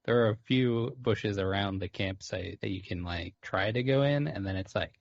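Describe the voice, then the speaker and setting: A man with a gravelly, husky low voice co-hosts a casual podcast chat. He makes laid-back, dry remarks. The mic sounds close, dry and dull, with no room sound. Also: normal speed, few pauses, no room sound. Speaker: podcast co-host.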